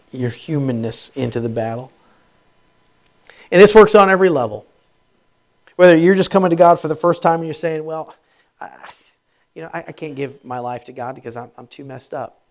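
A man preaching a sermon, moving from quiet, intimate lines to loud, emphatic peaks, laughing between phrases. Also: medium pitch, gravelly. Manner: swings from hushed to loud, rising emphatic preaching; laughs between phrases, speaks in quoted inner voices. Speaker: pastor.

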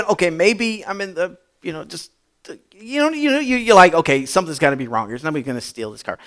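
Storytelling preacher, slightly high voice. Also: male voice, animated, quick pace. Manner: chatty, repetitive, builds to loud emphatic bursts. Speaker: pastor. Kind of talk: sermon storytelling.

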